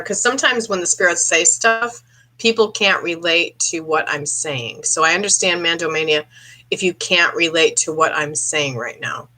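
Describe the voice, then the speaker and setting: A woman with a lowish voice and a bright, tense edge, reading for someone live. She searches for her words, stops often to clear her throat, and puts questions straight to the viewer. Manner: halting, searching delivery with frequent throat clearing; addresses a viewer directly with questions. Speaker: psychic medium. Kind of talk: live-stream psychic reading.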